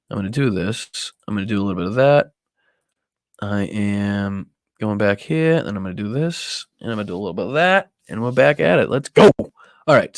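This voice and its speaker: A man's voice: fairly low pitch, no room sound. A man with a Boston accent hosting a political live stream, ranting with heavy profanity. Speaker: political podcast host.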